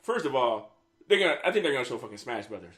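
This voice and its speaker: A man's voice: mid-range voice, big pitch swings, quick pace, a bit bright. A man hosting a casual gaming podcast, steering the topics, laughing easily and swearing casually. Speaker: podcast host.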